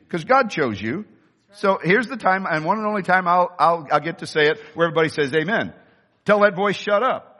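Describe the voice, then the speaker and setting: High, fiery preacher man in a hall. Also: husky. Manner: impassioned preaching, rising to shouts. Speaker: pastor. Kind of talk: sermon. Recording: long reverb of a large hall.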